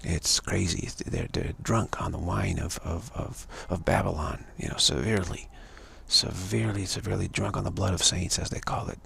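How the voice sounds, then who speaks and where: A man's voice: sits low, steady tone, moderate pace, vocal fry, fairly bright tone, a little hiss or hum. A man giving a rambling spiritual talk on a live stream, repeating himself and restarting words often. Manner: repetitive, stumbling restarts, earnest. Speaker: spiritual teacher.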